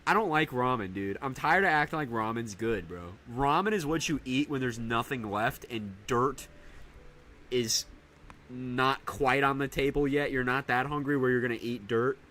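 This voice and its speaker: Slangy young man streaming, bright voice. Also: normal speed, slight background noise. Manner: slangy, rambling, lets out loud high yells between remarks. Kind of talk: casual live-stream chat.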